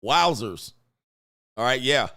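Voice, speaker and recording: A man hosting a commentary vlog, talking in a profane, animated way and acting out quotes. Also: mid-range voice, slow, very noisy. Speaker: host.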